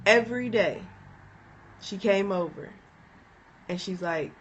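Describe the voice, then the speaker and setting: A woman's voice: medium pitch, slow pace, pauses often, muffled recording, slight background noise. A woman telling a personal story on a live stream. She speaks emphatically, repeats her key phrases and acts out a friend's encouraging words. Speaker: inspirational speaker.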